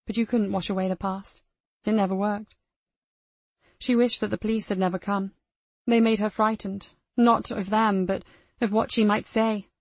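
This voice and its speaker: A woman reading a crime novel aloud as the narrator, in a measured storytelling manner. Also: mid-range voice, level tone, no echo. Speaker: audiobook narrator. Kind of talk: scripted narration.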